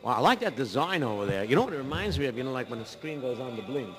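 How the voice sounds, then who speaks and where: A man's voice: medium pitch, expressive, racing, over music. A man, a rabbi, telling rambling comic stories in radio banter, with many fillers. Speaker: rabbi, storyteller guest.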